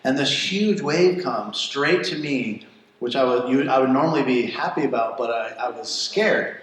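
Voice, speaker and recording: Man, event host, animated storyteller, laughing, roomy hall, distant mic. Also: medium pitch, moderate pace. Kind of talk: storytelling to a live audience. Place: event venue with audience. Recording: echoey room, far from mic.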